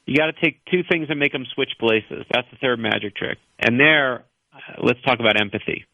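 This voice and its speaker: An earnest, animated man tells personal stories as a guest on a radio show, his voice bright and forceful. It sounds dry and close, with a slightly dull, lo-fi radio tone. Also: mid-range voice, brisk, no room sound. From New York. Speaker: author guest. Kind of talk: radio interview storytelling.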